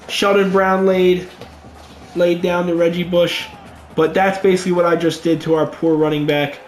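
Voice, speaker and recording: A young man giving let's play commentary over a football video game, muttering low between plays and yelling when big plays happen. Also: roomy sound. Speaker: gaming YouTuber.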